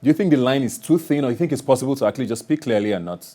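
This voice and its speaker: A man's voice: medium pitch, expressive, rapid-fire, warm tone. A man hosting a panel discussion, asking probing questions. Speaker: talk show host.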